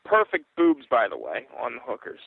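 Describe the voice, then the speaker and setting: A man's voice: mid-range voice, wildly swooping pitch, fairly quick, creaky, breathy edge, dry recording. A man co-hosting a casual movie review chat, blunt and joking crudely. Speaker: podcast co-host. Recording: tinny, lo-fi and dry.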